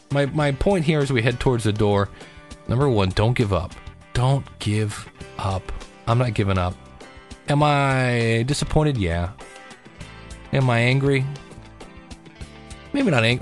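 A middle-aged man chatting casually in a personal vlog, rambling with restarts and cheering himself and his viewers on to keep losing weight. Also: medium pitch. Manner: chatty, self-deprecating, pep-talk tone. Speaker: weight-loss vlogger.

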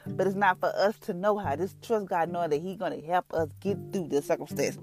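A woman's voice: fairly low pitch, a little fast, few pauses. A woman in giving a casual, earnest devotional talk as a podcast host, colloquial and full of fillers. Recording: music bed behind voice.

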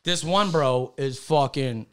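A man's voice: medium pitch, takes it slowly. A man, a stand-up comedian, telling a rowdy story in casual chat, swearing freely and acting out the people in it. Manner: profane, animated storyteller acting out voices.

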